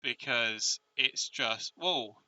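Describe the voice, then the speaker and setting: A man with a British accent chatting casually on a live stream, excitable and emotional, often restarting his sentences. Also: mid-range voice, extremely slow, dry recording, highs cut off.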